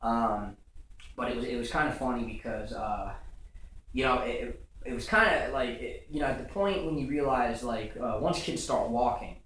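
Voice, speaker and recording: A man's voice: mid-range voice, normal speed, a bit bright. A young male comedian works through a stand-up set, rambling his way through stories with plenty of fillers and restarts. He sounds far from the mic, and his voice rings through a very echoey room. A faint hiss of room ambience sits underneath. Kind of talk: stand-up routine. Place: comedy stage. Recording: rough, echoey club recording from far off.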